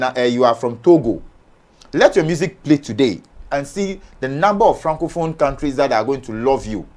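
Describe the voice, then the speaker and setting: A man from Ghana on an entertainment panel, arguing heatedly and firing off rhetorical questions. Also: a little high. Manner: forceful, argumentative, rhetorical questions.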